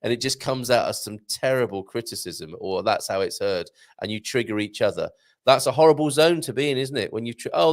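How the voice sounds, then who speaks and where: Lively, jokey male show host. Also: mid-range voice. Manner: jokey, chatty, laughs often. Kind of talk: live show chat reading viewer comments.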